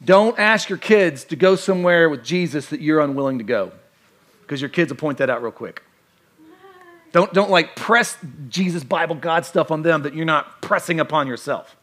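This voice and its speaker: A man preaching a sermon as pastor, animated and conversational with playful asides. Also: fairly high pitch, normal speed.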